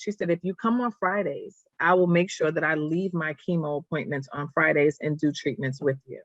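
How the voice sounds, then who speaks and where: A woman guest on a podcast, telling a personal story in an earnest, halting way that turns emotional. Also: low-pitched, no echo, lo-fi sound. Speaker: guest, nonprofit founder.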